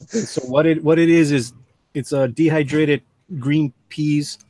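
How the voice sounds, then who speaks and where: A man's voice: fairly high pitch, fairly even intonation, unhurried, mellow, no echo, studio quality. A man hosting a live drawing stream, chatting casually with call guests and reading chat messages aloud in a laid-back way. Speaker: livestream host and artist.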